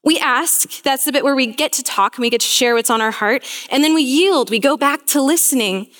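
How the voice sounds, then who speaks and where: A woman's voice: high-pitched, fairly quick, a bit bright, in a large hall. A young woman preaching a sermon, telling a story in an earnest, storytelling way.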